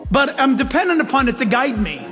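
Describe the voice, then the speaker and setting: A man preaches from a pulpit, his voice riding high for a male speaker. He swings between loud bursts and near-whispers as he tells stories. The sound rings out in a long hall reverb. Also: brisk, faint music behind. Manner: animated storytelling with sudden loud and soft swings. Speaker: pastor. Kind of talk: sermon.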